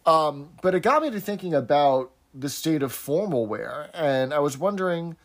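A man's voice: a little high, animated, moderate pace. A man co-hosting a podcast, chatting casually and recapping scenes. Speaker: podcast co-host. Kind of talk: casual chat.

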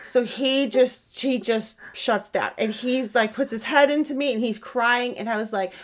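A woman with a fairly high voice tells a story on a casual podcast chat. She gets animated and acts out the lines of the people in her story. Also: normal speed. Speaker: podcast co-host telling a story.

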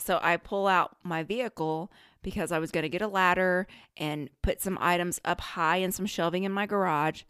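A middle-aged woman hosting a podcast, telling a story in a casual, animated way, often laughing and quoting her own self-talk. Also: lowish voice, no room sound, clean studio sound. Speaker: podcast host.

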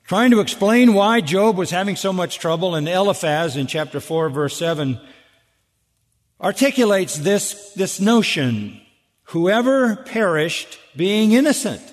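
A man's voice: high-pitched, animated, measured pace. A man preaching an expository sermon, talking emphatically to his congregation with direct rhetorical questions. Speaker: pastor. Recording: echoey hall with long reverb.

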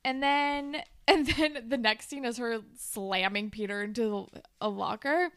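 A woman's voice: on the high side, a little slow, fairly bright tone, smooth. A woman co-hosting a casual TV recap podcast, laughing and swearing freely as she retells scenes. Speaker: podcast co-host.

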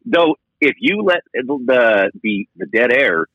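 A man with a husky voice co-hosting a sports radio show, asking questions in an animated, disbelieving way. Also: medium pitch, slow pace, dry recording, dull audio. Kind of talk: casual sports radio banter.

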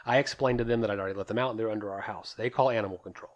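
A man's voice: lowish voice, fairly even intonation, racing, lo-fi sound. Man recounting events matter-of-factly. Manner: matter-of-fact, step-by-step recounting. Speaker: podcast co-host. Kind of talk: casual storytelling chat.

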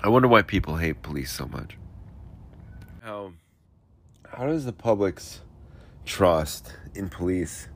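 Low-voiced rambling man, tipsy. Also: lively intonation, takes it slowly, pauses often. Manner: rambling, sarcastic, mumbling at times. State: tipsy, drinking beer. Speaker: podcaster telling a personal story. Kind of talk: rambling casual monologue. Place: outdoors, homeless.

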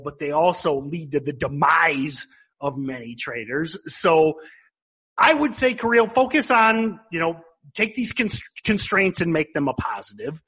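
Husky Midwestern podcast host. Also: male voice, on the high side, poor audio. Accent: Midwestern American. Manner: relaxed, explanatory, fills with um and you know. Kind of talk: casual podcast talk.

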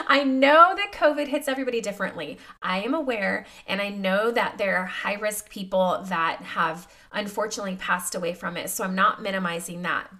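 A woman's voice: medium pitch, pushed and bright. Congested, nasal woman podcaster. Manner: confiding, addresses listeners directly. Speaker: podcast host. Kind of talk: candid faith podcast talk.

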